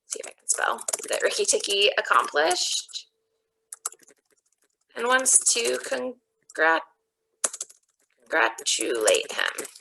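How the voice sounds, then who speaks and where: Poor audio with slight background noise captures a teacher's bright, forceful mid-range voice, touched with vocal fry. She thinks aloud step by step while typing, guiding students through a recorded online lesson.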